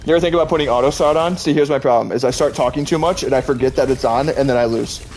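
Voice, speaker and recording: A man's voice: mid-range voice, racing, darkish tone, slight background noise. A man streaming live, chatting casually and rambling with lots of "like" and frequent laughter while he plays a game. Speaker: Twitch streamer. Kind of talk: casual chat while gaming.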